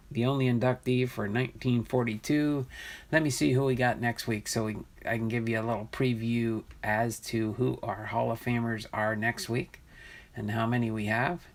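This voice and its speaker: A man hosting a live stream, reading viewers' comments, laughing and trying out pronunciations in a chatty way. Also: medium pitch. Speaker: livestream host. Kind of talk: casual live chat with viewers.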